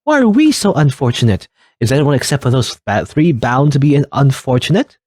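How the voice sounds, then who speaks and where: A man's voice: mid-range voice, very animated, brisk, a little mellow, no echo, clean studio sound. A man voicing a distraught villager parent who grieves and blames himself, in a video game read-through. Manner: anguished, self-blaming.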